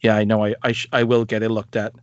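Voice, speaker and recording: A man voicing a middle-aged American man in a suit, reading film dialogue in a slow, weighty way. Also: lowish voice, completely flat delivery, dry recording, lo-fi sound, close to an everyday voice. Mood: earnest.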